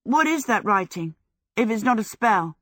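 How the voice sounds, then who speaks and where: A woman's voice: mid-range voice, expressive, moderate pace, a bit bright, no echo, clean studio sound, pitched above the performer's own voice. A woman voicing an eager young male apprentice in an audiobook, speaking earnestly.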